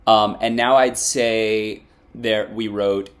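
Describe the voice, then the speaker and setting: A man's voice: lowish voice, level tone, takes it slowly. A young man in a band, casually reading out fan questions and answering them in a playful, chatty way. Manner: playful, reads fan names and questions aloud. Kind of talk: casual interview chat.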